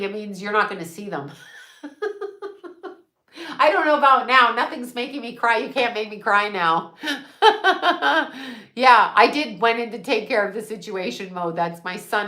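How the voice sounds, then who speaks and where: A middle-aged American woman who works as a psychic medium chats casually and bluntly on a livestream, swearing freely and laughing often. Her medium-pitched voice is bright and forceful, with a roomy sound.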